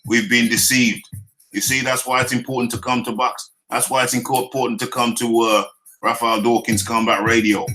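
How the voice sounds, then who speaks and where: A British man hosts a casual live boxing stream with a bright, forward tone. He jokes, teases his chat and repeats phrases as he goes. Faint music runs low behind him. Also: level tone, a little fast. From United Kingdom. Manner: jokey, teasing, chatty with viewers; laughs often, repeats phrases. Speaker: boxing talk show host.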